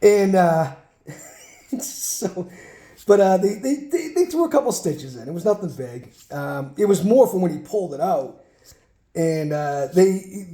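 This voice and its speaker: A man's voice: high voice, dark tone, reverberant. A man casually telling a rambling childhood story while sorting through a card collection, breaking off for muttered asides.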